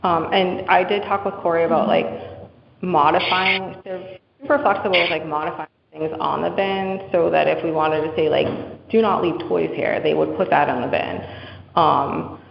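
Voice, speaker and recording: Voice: medium pitch, vocal fry, slight background noise. A speaker with a Boston accent, talking chattily at a town meeting and filling gaps with "like". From Massachusetts. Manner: chatty, frequent "like" fillers. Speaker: committee member presenting. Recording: echoey hall, muffled audio.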